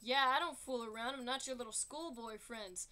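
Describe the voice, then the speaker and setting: An arrogant young rival, cold and dismissive, as a woman sings him along with a musical. The delivery is clipped and scornful. The voice stays high and bright. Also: normal speed. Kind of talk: singing along while drawing.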